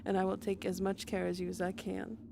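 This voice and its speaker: Brief: woman roleplaying, gravelly low-register fry, tender and teary, noisy game voice chat. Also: completely flat delivery, fairly quick. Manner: tender, tearful and laughing. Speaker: streamer playing her roleplay character. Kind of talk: in-character voice roleplay.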